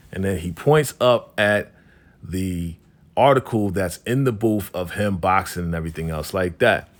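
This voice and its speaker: A man casually recapping a TV episode, laughing often and acting out the characters' lines. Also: sits low. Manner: slangy, laughs often, acts out lines in quick voices. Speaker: recap host.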